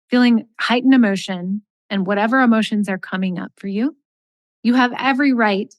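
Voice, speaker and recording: A middle-aged woman speaks as a life coach in a calm, measured way, sometimes voicing short sample exchanges. Her voice is mid-pitched and sounds close and dry, with no room around it. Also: no echo. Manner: measured, gentle, acts out sample dialogue. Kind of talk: calm advice in a podcast interview.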